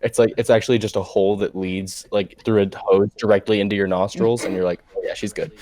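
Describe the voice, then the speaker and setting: Low-voiced man with dry jokes. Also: little pitch movement, fast, mellow. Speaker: podcast co-host. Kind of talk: casual chat.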